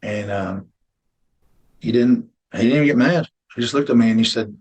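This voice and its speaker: A middle-aged man bluntly telling his life story as an interview guest, often dropping to a low, intense murmur. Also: moderate pace, breathy edge. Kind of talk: emotional personal storytelling.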